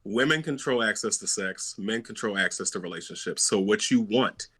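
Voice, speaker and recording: A man's voice: lowish voice, moderate pace, sharp tone, slightly rough. A young man co-hosting a podcast, arguing his views in a casual, emphatic, repetitive way. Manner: emphatic, opinionated, repeats himself. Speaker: podcast co-host. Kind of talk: casual debate chat.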